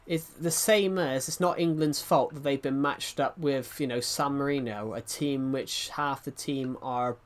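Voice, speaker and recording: A man's voice: mid-range voice, steady tone, a little slow, few pauses. A man chatting casually on a live stream, rambling and often restarting his sentences as he answers chat. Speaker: livestreamer reading chat.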